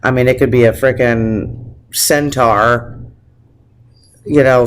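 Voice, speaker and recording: A man talks straight to camera in a loose, emotional rant, swearing often and tripping over his restarts. He sounds teary and close to crying, and his voice sits at a middle pitch. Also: a little hiss or hum. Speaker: vlogger. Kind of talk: casual opinion rant to camera.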